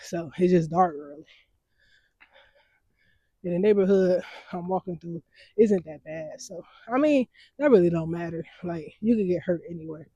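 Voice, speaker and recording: A woman's voice: fairly low pitch, normal speed, pauses often, mellow, husky, no room sound, lo-fi sound. A young woman vlogging while she walks, chatting easygoing with her viewers, laughing often and calling them y'all. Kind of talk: casual vlog chat to viewers. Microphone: wearing mics while walking.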